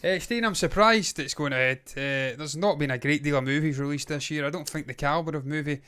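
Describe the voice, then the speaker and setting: A man's voice: a little high, fast talker, sharp tone, clean tone. A man co-hosting a casual movie show, talking in a chatty, rambling and self-mocking way. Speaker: podcast co-host. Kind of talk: casual movie news chat.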